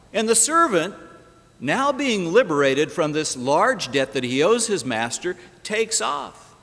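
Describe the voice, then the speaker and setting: A man's voice: sits high, sing-song, a little slow, a bit bright. A man preaching a sermon as pastor in a church, telling the story dramatically and asking rhetorical questions. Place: church sanctuary. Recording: echoey church hall.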